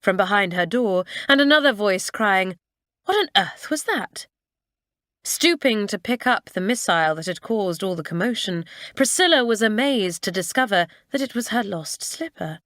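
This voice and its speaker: In a clean studio recording free of room sound, a mid-range female voice narrates a children's school story. She's an audiobook narrator with a measured, expressive storytelling delivery.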